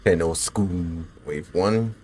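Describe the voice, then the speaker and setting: A man in his twenties with a lowish voice gives laid-back, swear-heavy commentary while he plays a game. He chats loosely with his viewers between fights and is bothered by the hiccups. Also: slow pace, a little mellow. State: has the hiccups. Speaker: gaming streamer. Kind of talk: casual gameplay commentary.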